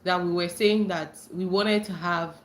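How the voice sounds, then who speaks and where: A young Nigerian woman hosting a casual livestream, reading chat comments aloud and breaking into excited squeals when friends join. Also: a little slow, very noisy. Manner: bubbly, bursts into high squeals greeting friends.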